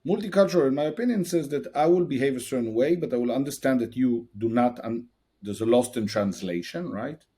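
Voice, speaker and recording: A man hosting an interview, reflecting and telling anecdotes in a relaxed conversational way. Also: medium pitch, a little fast. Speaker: interview host.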